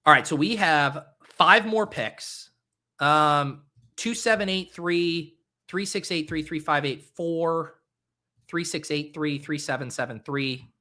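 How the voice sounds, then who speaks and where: A man in his thirties hosting a live stream, chatting excitably with his viewers while drafting. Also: fairly high pitch, slow. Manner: excitable, animated, talks to chat. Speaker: fantasy football streamer. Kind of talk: live-stream casual chat.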